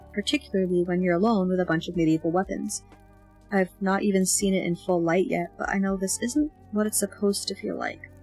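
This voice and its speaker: Expressive woman reading an audiobook. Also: medium pitch, poor audio. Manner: expressive, lively dialogue reading. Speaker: audiobook narrator. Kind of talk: first-person audiobook narration. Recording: faint background music.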